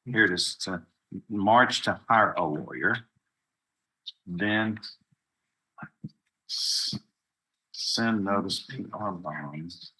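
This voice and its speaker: A man's voice: low voice, expressive, very slow, long pauses, bright, forceful tone, breathy edge, rough recording. A man with a Texan accent presiding as a judge over a court hearing, stern and lecturing.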